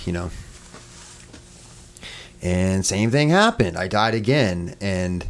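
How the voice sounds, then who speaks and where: Man, very low voice, gravelly, casual storytelling, lots of fillers. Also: slow. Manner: relaxed, many fillers, acts out quoted voices. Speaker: podcast guest.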